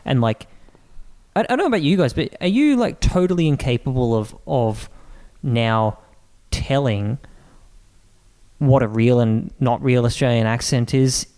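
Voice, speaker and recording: A man's voice: mid-range voice, animated, measured pace, pauses often, a little mellow. A man co-hosting a podcast, speaking casually and searching for words with frequent restarts. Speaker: podcast co-host. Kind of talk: casual chat.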